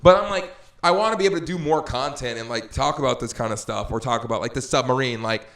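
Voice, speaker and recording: A man hosting a casual podcast chat, rambling and animated, laughing often as he talks. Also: medium pitch, fast, reverberant. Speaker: podcast host.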